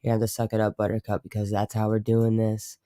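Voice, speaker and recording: A man's voice: on the low side, completely flat delivery, a little fast, mellow, clean tone, no echo, studio quality. A man hosting a live stream, chatting casually in a rambling, profane way and often correcting himself. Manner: rambling, profane, self-interrupting. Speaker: livestream host.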